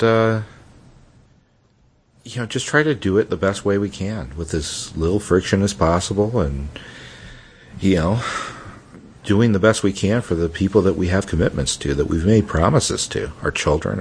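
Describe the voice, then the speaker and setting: A man's voice: deep voice, a little slow, a little hiss or hum. An American man co-hosting a podcast, talking in a rambling, reflective way with many fillers and restarts. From United States. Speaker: podcast co-host. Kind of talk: casual podcast chat.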